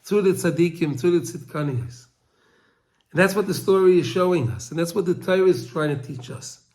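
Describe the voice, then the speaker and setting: Male Torah teacher, high voice, emotional storytelling, stumbling repeats, acts out cries. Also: a little fast, darkish tone. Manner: emotional storyteller, repeats words and restarts, cries out quoted pleas.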